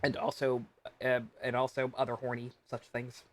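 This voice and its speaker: A man's voice: medium pitch, completely flat delivery, normal speed, a little hiss or hum. A man streaming a game, joking loosely and swearing freely as he comments. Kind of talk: let's play commentary. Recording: game music behind.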